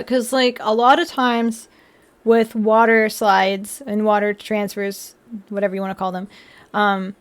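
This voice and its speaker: A woman hosting a livestream while building a model kit, chatting casually, answering viewers and laughing often. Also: on the high side. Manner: chatty, giggly, answers chat.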